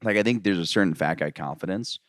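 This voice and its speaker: A man's voice: low voice, fast talker, dry recording, studio quality. A man from Florida hosting a casual comedy podcast, rambling and crude, often trailing off mid-thought. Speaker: podcast host.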